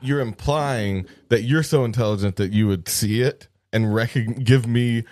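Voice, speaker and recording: A man's voice: mid-range voice, normal speed, darkish tone. A man with a Southern US accent, co-hosting a casual podcast chat, drawling, swearing freely and defending his folksy pronunciation. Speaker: podcast co-host.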